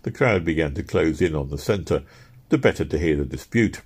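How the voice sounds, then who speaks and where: A man narrating an audiobook in a measured, expressive storytelling manner. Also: extremely low pitch, husky.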